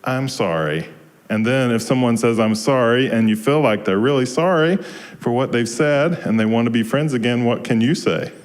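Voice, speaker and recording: A man from Georgia in the US, a minister leading a children's story time in a service, who talks gently and keeps asking the children questions. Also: mid-range voice, moderate pace. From Georgia, USA. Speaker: guest minister.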